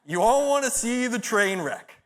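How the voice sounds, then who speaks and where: A man's voice: extremely high pitch, sing-song, moderate pace, fairly bright tone. A middle-aged man giving a conference talk, telling stories in a punchy, blunt way with profane, self-mocking humor. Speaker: conference speaker.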